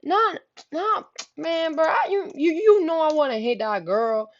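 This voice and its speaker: A woman's voice: low-pitched, huge pitch swings, takes it slowly, warm tone, breathy edge, highs cut off, heavily acted. A woman voicing a young man who frantically stammers denials when accused of hitting his girlfriend. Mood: panicked.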